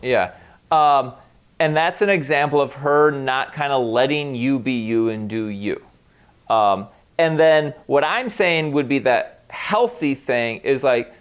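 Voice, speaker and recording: A man's voice: medium pitch, unhurried, clear, resonant tone. A man co-hosting a podcast, talking frankly and with some swearing in casual chat, often acting out quoted lines. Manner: frank and profane, acts out quoted dialogue. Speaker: podcast co-host.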